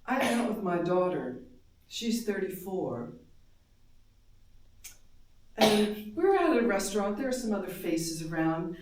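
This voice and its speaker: A woman giving an intense, emotional live reading of first-person dream monologues, moving between hushed and loud. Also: mid-range voice, sing-song, measured pace, long pauses. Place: darkened live performance space. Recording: very echoey hall, voice from far off.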